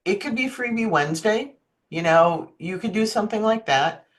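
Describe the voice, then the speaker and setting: A woman's voice: mid-range voice, animated, normal speed. A woman giving an online marketing workshop on a video call, chatty and often checking in with her listeners. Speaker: marketing presenter.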